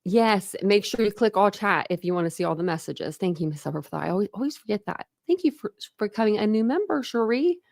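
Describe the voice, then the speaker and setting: A woman hosting a livestream, chatting casually and greeting her viewers one by one, warm and grateful toward them. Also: medium pitch, expressive, quick pace, creaky, few pauses, no room sound, studio quality. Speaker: livestream host. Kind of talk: casual live chat with viewers.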